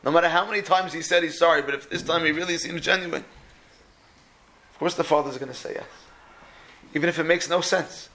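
A man giving a sermon, telling stories with lively energy and acting out the people in them. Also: a little high, fairly quick, long pauses. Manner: animated storyteller who acts out the people in his stories. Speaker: speaker giving a religious talk. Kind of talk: sermon with storytelling.

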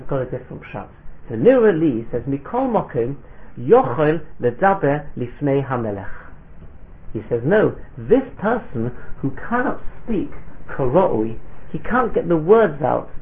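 A man teaching a Talmudic lecture, reading passages in Hebrew and Aramaic, explaining them in English, and checking in with the class. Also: medium pitch. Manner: explains texts in Hebrew and Aramaic, then translates; asks the class "Yes?". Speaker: Torah teacher. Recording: tinny phone-line sound.

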